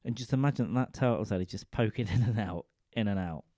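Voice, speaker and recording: A man with a low, mellow voice tells a vulgar comic anecdote into a studio microphone. He rambles and keeps asking his listeners "right?" as he goes. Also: fast, no echo.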